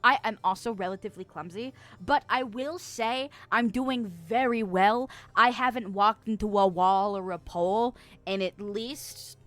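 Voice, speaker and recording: A woman's voice: medium pitch, unhurried, a bit bright, faint music behind. A woman streamer in casual chat, reading chat messages aloud with lots of laughter and self-mocking jokes.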